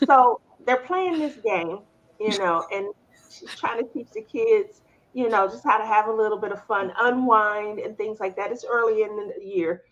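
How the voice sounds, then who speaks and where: A middle-aged woman hosting a casual chat, telling animated stories and laughing often. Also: medium pitch, moderate pace, highs cut off. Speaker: host.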